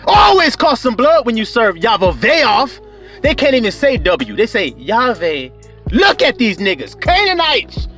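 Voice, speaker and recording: A high-pitched male preacher with wildly lively swings of pitch, preaching with fervor. He calls out to his listeners, whoops and shouts. Faint music plays underneath. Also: a little slow. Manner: fervent, call-and-response preaching with whoops and shouts. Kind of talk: sermon.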